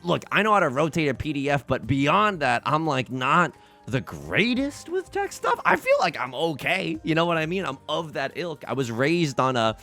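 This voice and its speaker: A man with a sore throat, giving excitable, jokey, self-mocking commentary while playing a game for his channel. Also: on the high side, moderate pace, faint music behind. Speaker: let's play host. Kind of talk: casual gameplay commentary.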